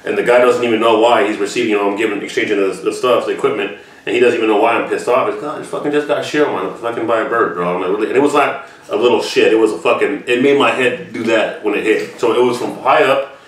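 The clip features a man with a fairly low voice and fairly even intonation, talking fast as he hosts a reaction video. He tells a meandering story to camera, packed with swearing, recorded far off in a room with echo.

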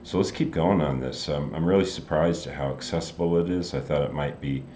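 An older man hosting a music reaction video, talking casually and musing, often pausing to search for his words. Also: a bass voice, darkish tone, slight background noise. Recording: roomy room with faint music.

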